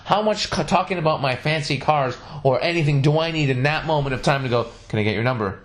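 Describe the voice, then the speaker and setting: Man, podcast host, casual chat, profane animated storytelling, slightly high voice. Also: fast talker.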